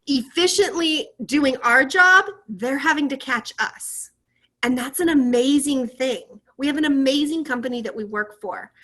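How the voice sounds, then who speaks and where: High, bright, energetic woman coaching a team. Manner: energetic and encouraging, asks the audience questions. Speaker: team leader coaching a sales team. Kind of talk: motivational training call.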